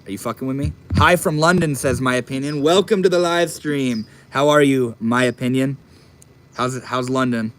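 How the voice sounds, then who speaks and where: A young man casually chatting on a live stream, reading and answering chat messages in a relaxed, profane drawl. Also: medium pitch, brisk. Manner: laid-back, swears often, drawls.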